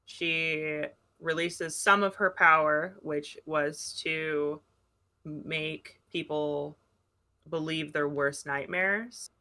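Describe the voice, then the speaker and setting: A podcast co-host talking casually about a book, reacting quickly and chiming in often. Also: mid-range voice, steady tone, sharp tone, clean tone. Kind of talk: casual book-club chat.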